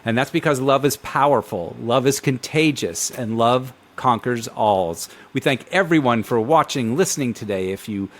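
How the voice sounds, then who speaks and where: A man co-hosting a casual interview, speaking earnestly with halting restarts. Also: mid-range voice. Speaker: podcast co-host. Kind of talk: casual chat.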